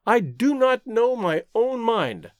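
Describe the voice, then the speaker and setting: A man voicing a refined young Englishwoman in an audiobook reading, speaking in an earnest, pleading, measured way. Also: sits high, sing-song, dry recording, studio quality. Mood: troubled, pleading.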